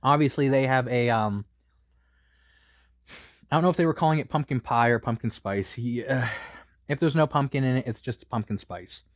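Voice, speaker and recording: A man's voice: mid-range voice, normal speed, pauses often, no echo, studio quality. A man casually reviewing a snack, rambling with many fillers and a little out of breath. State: a bit out of breath.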